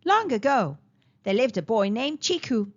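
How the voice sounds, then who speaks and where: Animated sing-song storybook woman. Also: a little high, measured pace. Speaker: children's story reader. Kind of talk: read-aloud storybook narration. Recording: slightly dull lo-fi recording.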